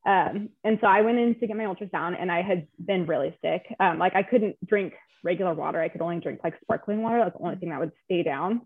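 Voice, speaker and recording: A woman's voice: on the low side, fast, hardly any pauses, breathy edge, no room sound. A young woman in a casual interview, telling her story in a chatty, emotional way with lots of fillers. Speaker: guest. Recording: tinny phone-like line.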